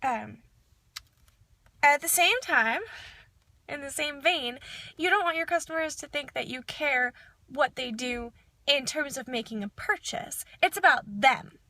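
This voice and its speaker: Bright, high-voiced chatty woman. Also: a little slow, pauses often, no echo. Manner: chatty, upbeat, lots of fillers. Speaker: direct sales consultant. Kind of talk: casual advice vlog.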